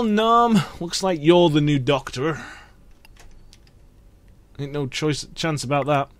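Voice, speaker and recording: A man's voice: on the high side, slight background noise. A young man casually commentating his gameplay, exasperated and ranting, swearing at the game. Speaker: let's play gamer.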